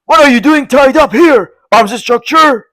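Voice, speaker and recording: A man voicing a high-voiced kindly lord. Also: lively intonation, moderate pace, dry recording. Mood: alarmed. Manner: calls out commanding, then consoles warmly. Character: generous male nobleman, lordly and kind. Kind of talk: audiobook character voice.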